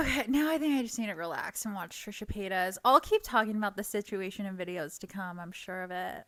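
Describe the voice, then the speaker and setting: A woman's voice: mid-range voice, normal speed, no room sound. A young woman ranting to camera in a storytime vlog, heated and profane, mocking the people she talks about. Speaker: vlogger. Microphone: desk microphone.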